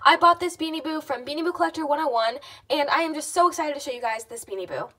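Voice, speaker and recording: A woman with a very high, bright voice unboxes fan mail on her vlog. She gushes and gasps with excitement, repeating how cute everything is. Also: fast talker, background noise. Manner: gushing, gasping, repeats "oh my gosh".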